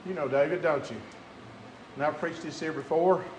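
A man preaching a sermon, moving between quiet conversational asides and drawn-out shouted climaxes. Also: fairly high pitch, fairly even intonation. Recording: echoey room with faint crowd and noise.

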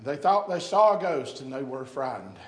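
An older man preaching a sermon in a small church, swinging between shouted exhortation and hushed, drawn-out phrases. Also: medium pitch, animated. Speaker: pastor. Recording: echoey church room, faint congregation.

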